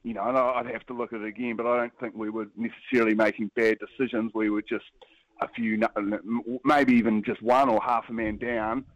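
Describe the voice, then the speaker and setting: A man's voice: lowish voice, flat delivery, brisk, no echo. Man on a phone line. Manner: hesitant, many restarts and fillers. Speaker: guest. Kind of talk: casual phone-in chat.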